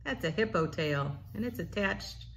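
A woman, a children's librarian, leading a slow, playful storytime for babies and toddlers and asking the little ones questions. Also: fairly low pitch, expressive, vocal fry, slight background noise. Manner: sing-song, slow, playful, asks little listeners questions.

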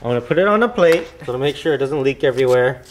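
A man's voice: mid-range voice, expressive, very fast, slight background noise. Playful young father vlogging. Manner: playful, teasing. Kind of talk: casual family vlog.

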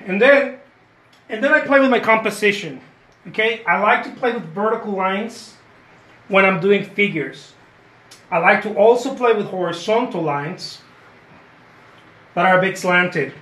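A man's voice: high-pitched, lively intonation, a little slow, pauses often, a bit bright. A man giving a live painting lesson, chatty and encouraging, repeating his points and often asking "okay?". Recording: roomy echo.

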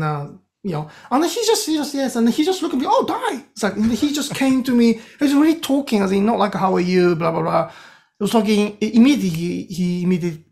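Gravelly-voiced Japanese man telling stories. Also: sits high. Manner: animated, many restarts, laughs while telling stories. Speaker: guest composer. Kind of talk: casual interview storytelling.

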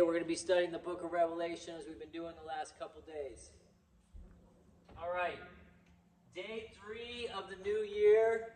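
A man's voice: high-pitched, darkish tone. A man from California hosting a casual, rambling Bible teaching session and swearing freely. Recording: echoey room, mic far off.

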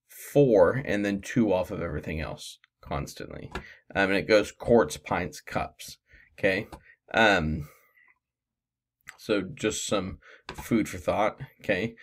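A male teacher talks through math problems at an unhurried pace, with a gravelly edge to his voice. He rambles and makes fun of himself, with plenty of ums. It sounds like a casual lesson recorded at his computer. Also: fairly low pitch. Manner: rambling, self-deprecating, filler-heavy. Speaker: sixth grade math teacher.

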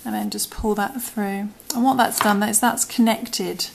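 A woman's voice: mid-range voice, steady tone, normal speed, creaky, very noisy. A British woman hosting a crochet tutorial, talking casually through each step and sometimes dropping to a murmur as she works. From United Kingdom. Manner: chatty, often trailing into murmurs and whispers while working.

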